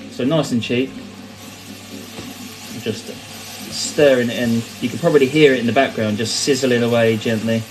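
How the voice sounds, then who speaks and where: A man's voice: medium pitch, background noise. A man hosting a casual cooking livestream, chatting and rambling as he answers viewer comments. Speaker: cooking host. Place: kitchen.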